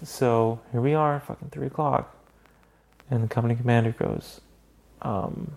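A man's voice: mid-range voice, fairly even intonation, measured pace, vocal fry, pauses often, darkish tone. A young man hosting a casual chat podcast, telling a story in a heated, profane way. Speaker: podcast host.

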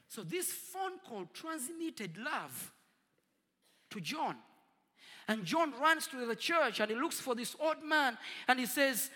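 A man preaching a storytelling sermon, dramatic and husky, swinging from booming to hushed. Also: very animated, slow. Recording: long reverb of a large hall.

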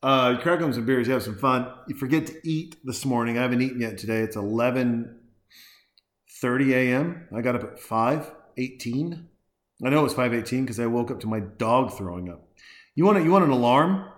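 A man casually commenting on a horror film as he watches it, rambling and excitable, talking to the characters on screen. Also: mid-range voice, fairly quick. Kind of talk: casual live film commentary while drinking beer. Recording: very echoey room.

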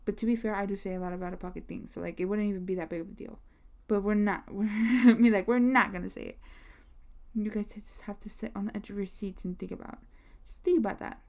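Young woman just chatting on her podcast, rambly, says like a lot, mid pitch. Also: steady tone, fast, a little mellow. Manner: chatty, rambling, lots of "like" fillers. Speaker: podcast host. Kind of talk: casual solo chat.

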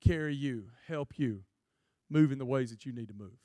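A man preaching a jokey, animated youth sermon to a live student audience. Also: mid-range voice, normal speed, dry recording, studio quality. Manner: jokey, animated, acts out quotes in funny voices. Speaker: guest preacher.

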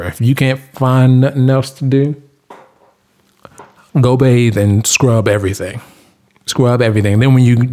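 A man in a casual monologue hands out hygiene and cleaning tips with blunt, preachy insistence. His pitch sits in the middle, and he drives points home by repeating short commands, in loose informal speech. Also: a little mellow. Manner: blunt, preachy, emphatic repetition. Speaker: vlogger giving tips.

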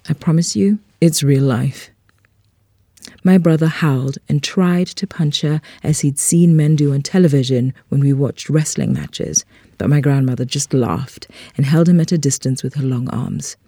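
Gravelly, dark-voiced story reader. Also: mid-range voice, measured pace, no room sound, clean studio sound. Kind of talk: reading a literary short story aloud.

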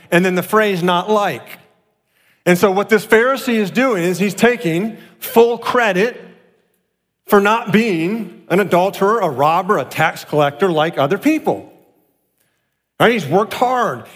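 A man's voice: sits high, big-room sound. A man preaching a sermon as a pastor, asking rhetorical questions and repeating key phrases for emphasis.

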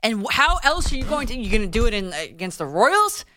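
A woman hosting a call-in sports radio show, giving quick, emphatic opinions with frequent restarts. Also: on the high side, sing-song, pushed and bright, no echo. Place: radio studio.

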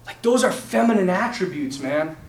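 A young man teaching a class in a lively, animated way, talking to his students as "man" and "you guys.". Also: high voice, moderate pace, creaky. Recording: echoey room, mic from a distance.

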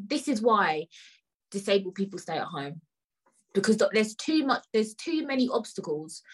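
Husky, furious woman ranting. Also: lowish voice, rough recording. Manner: heated, repeats phrases, slangy. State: tired and upset. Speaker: podcast host. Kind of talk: angry ranting monologue.

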